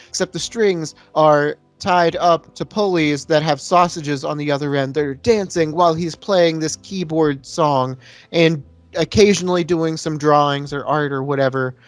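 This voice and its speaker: A man's voice: fairly high pitch, no echo. A man co-hosting a podcast, chatting casually and crudely about a movie and laughing often. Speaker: podcast co-host. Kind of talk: casual movie-review chat.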